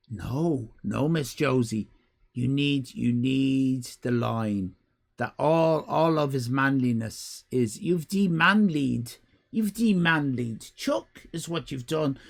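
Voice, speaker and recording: A man hosting a live stream, grading viewers' drawings in a mock-stern, theatrical way and often breaking into shouts. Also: a little high, vocal fry. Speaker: livestream host.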